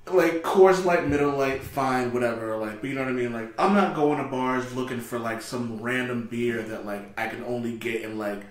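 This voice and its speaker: A man hosting a casual podcast, telling stories in an animated way and acting out what people said. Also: mid-range voice, normal speed, few pauses. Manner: animated storyteller, acts out dialogue, swears freely. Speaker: podcast host. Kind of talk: casual storytelling chat. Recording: very echoey room, a bit off mic.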